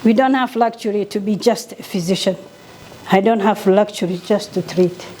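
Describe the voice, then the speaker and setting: A woman's voice: mid-range voice, normal speed, darkish tone, slight background noise. A middle-aged woman physician from Somalia, giving an impassioned conference talk and repeating key points for weight.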